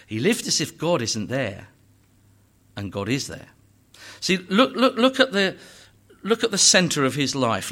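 A man preaching a sermon, emphatic and full of rhetorical questions and repetition, swinging between hushed and loud delivery. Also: fairly high pitch.

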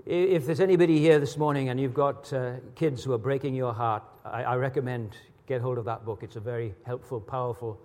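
Preacher in a reverberant hall. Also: male voice, medium pitch, a little mellow. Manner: rhetorical questions, rising to emphatic peaks. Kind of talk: sermon.

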